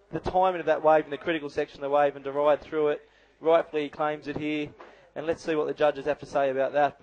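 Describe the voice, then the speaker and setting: A man's voice: a little high, vocal fry, a little mellow. Chatty male surf commentator, lo-fi sound. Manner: chatty, analytical, many fillers like "you know". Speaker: color commentator. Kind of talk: live sports commentary.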